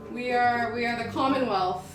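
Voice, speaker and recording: A giggly young woman chats away while she bakes at home. She rambles through asides in a casual vlog voice. Her voice echoes around the kitchen, and background music runs under it. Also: fairly high pitch. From Canada. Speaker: baking vlogger. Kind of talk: casual chat while baking.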